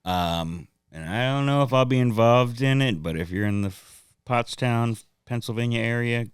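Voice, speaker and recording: A man's voice: mid-range voice, moderate pace, clear, resonant tone, no room sound, clean studio sound. A man co-hosting a casual podcast, joking and mocking himself. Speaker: podcast co-host. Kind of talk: casual chat.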